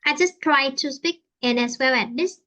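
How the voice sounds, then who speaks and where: A woman from Vietnam with a Vietnamese accent, teaching an online English lesson in a halting way, often repeating and rephrasing herself. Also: sits high, bright, forceful tone, a little hiss or hum.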